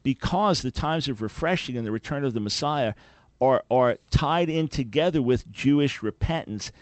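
A man's voice: mid-range voice, lively intonation, normal speed, no echo. Guy hosting christian talk radio, earnest teaching tone, mid voice, dry close studio mic. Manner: earnest, teaching, quotes scripture. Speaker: radio show host. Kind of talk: Christian talk radio, answering listener questions. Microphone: studio microphone.

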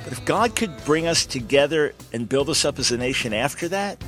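A man's voice: medium pitch, lively intonation, a little fast, music in the background. Earnest preacherly man in his sixties. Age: 60s. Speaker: radio host. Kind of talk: Christian talk radio monologue.

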